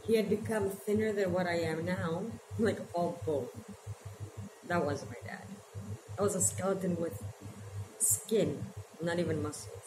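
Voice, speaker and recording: A woman in her forties telling her life story to camera, halting and emotional as she holds back tears. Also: lowish voice. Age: 40s. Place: her small shop by the ocean, indoors. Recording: echoey room with background noise.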